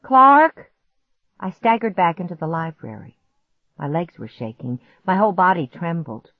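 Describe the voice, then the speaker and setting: Lower-voiced woman narrating a spooky story. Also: big pitch swings, normal speed, no echo. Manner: tense, suspenseful storytelling. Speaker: audiobook narrator. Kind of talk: scripted first-person narration. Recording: dry, dull lo-fi recording.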